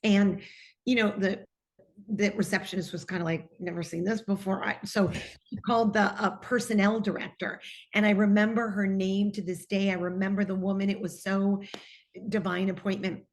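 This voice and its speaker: A middle-aged woman tells a personal story in an interview with an earnest, expressive delivery. Her voice sits at an ordinary pitch for a woman, and she speaks openly of faith as she recounts her past. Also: moderate pace. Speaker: TV personality and guest.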